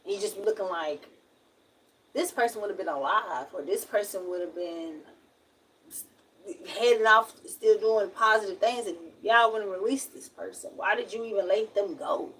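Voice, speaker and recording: A woman's voice: mid-range voice, moderate pace, fairly bright tone, distant mic, a little hiss or hum, low-quality recording. A young woman with a Southern US accent, from Alabama, talking frankly and at length in a casual livestream. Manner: frank, rambling, emphatic.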